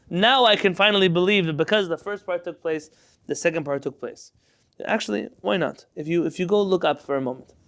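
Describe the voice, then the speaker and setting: Quick, high, gravelly-voiced male teacher. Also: a bit bright. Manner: reads Hebrew text aloud and translates line by line into English; quizzes students with questions. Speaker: Torah teacher. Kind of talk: classroom Torah lesson.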